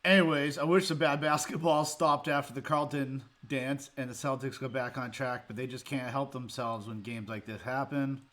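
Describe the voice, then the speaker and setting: A man's voice: mid-range voice, steady tone, moderate pace, few pauses, a bit bright, a little hiss or hum. A man hosting a sports show, breaking down a game in a heated, exasperated rant with sarcastic jabs. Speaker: sports podcast host.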